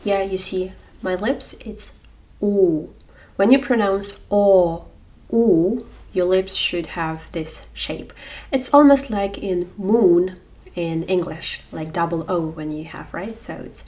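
Slow Ukrainian-accented woman teaching. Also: mid-range voice, dark tone, recorded from a distance. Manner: slow, repeats words clearly for learners. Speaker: language teacher. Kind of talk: beginner language lesson.

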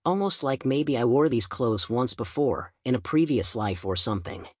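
A man narrates an audiobook in the first person, relaxed and chatty like a teenager telling a story. His voice sits in a middle range, and the recording is dry and close, with no room echo. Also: mid-range voice, moderate pace. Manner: casual teen-style storytelling.

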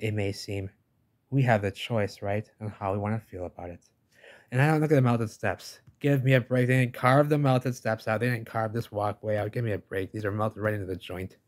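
A man narrating over pictures in a rambling way, often tacking on "baby" and "give me a break," and he says he is losing his voice. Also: fairly low pitch. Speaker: video host.

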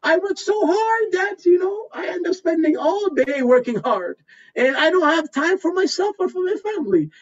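A man's voice: extremely high pitch, animated, moderate pace, pitched above the performer's own voice. A man voicing an overeager male job applicant who humblebrags in a whiny, sing-song way. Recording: distant, slightly dull recording.

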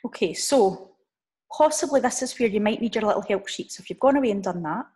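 A woman teaching a recorded lesson, saying each number slowly and clearly for her learners to repeat. She stops often to explain and to check in with a gentle "okay?" Her pitch sits in an ordinary middle range. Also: animated. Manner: slow, drawn-out drill of numbers with frequent "okay?" check-ins. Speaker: language teacher.

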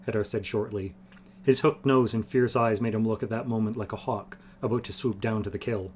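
A man reading a fantasy novel aloud on a livestream, in a steady storytelling manner. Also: fairly low pitch, fairly quick, a little hiss or hum. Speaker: livestream book reader.

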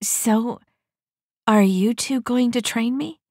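Brief: woman doing a jittery rookie mech soldier girl, higher and unsure, storybook. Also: takes it slowly, a little mellow, dry recording, clean studio sound. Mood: nervous. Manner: hesitant, timid questions. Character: nervous young woman newly turned mech soldier.

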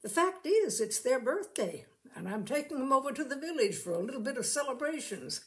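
Eine Frau spielt einen gemütlichen, schlauen Bauern. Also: female voice, high-pitched, big pitch swings, a little fast, voice pushed up. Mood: coaxing. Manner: folksy country speech, musing and coaxing. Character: fat shrewd jolly male farmer, rustic.

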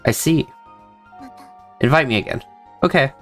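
A young man narrates gameplay of a visual novel, voicing each character's dialogue with quick shifts and tossing in joking asides of his own. His voice is medium-pitched with a fairly bright tone, and faint music plays behind him.

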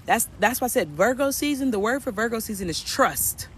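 A man with a very high, lively voice speaks briskly, his tone a bit bright, over a little hiss or hum. He's a spiritual coach giving viewers a casual, preachy reading, calling them "y'all" and repeating his points again and again.

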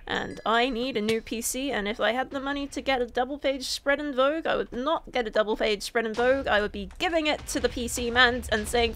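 A young woman with a high voice chatters over her gameplay as a YouTuber. She rambles, jumps into mock-dramatic pleading and laughs at herself. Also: fairly quick, a bit bright. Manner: rambling, comically dramatic and self-mocking. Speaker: gaming YouTuber. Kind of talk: casual gameplay commentary.

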